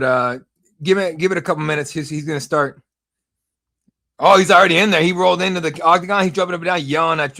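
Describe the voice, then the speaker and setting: A young man hosting a live fight watch-along stream, rambling, excitable and profane in casual commentary. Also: a little high. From United States.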